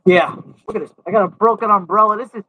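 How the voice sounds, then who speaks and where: His voice sits high and steady as he talks fast, pushed and bright, over a rough recording. The Brooklyn-accented man is running a casual live chat outside at night, sheltering under an umbrella in the wind, full of thick New York chatter and jokes.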